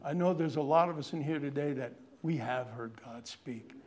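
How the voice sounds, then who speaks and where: A man preaching a sermon as pastor, earnest and pleading, moving between loud drawn-out lines and hushed near-whispers. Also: on the high side.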